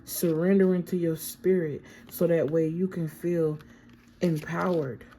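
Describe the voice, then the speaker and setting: A woman's voice: on the low side, steady tone, unhurried, mellow, slight background noise, poor audio. A woman giving a casual, affirming tarot reading and often checking in with "okay?". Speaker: tarot reader.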